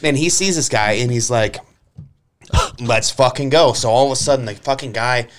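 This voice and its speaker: A man's voice: medium pitch, fast. Profane laughing man telling a story. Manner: profane, rambling storyteller who laughs often. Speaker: podcast host. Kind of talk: casual podcast chat.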